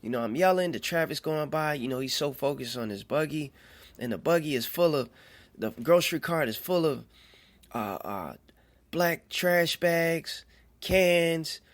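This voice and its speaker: A man telling a personal faith testimony in an earnest, halting way, often repeating phrases as he goes. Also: a little high, expressive. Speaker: storyteller.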